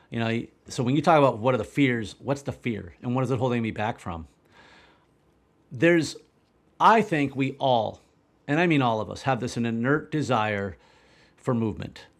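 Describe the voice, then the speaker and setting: A man in his forties tells his story as a guest on a podcast. He rambles and restarts, and swears now and then when he recounts a shock. His voice sits at an ordinary middle pitch. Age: 40s. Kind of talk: candid storytelling in a podcast interview.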